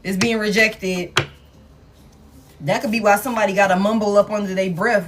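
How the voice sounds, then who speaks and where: This tarot reader speaks at a moderate pace in a steady, mid-range tone, pausing often against a noisy background. Chatting casually to her viewers, she laughs frequently, curses, and playfully impersonates the people in her reading.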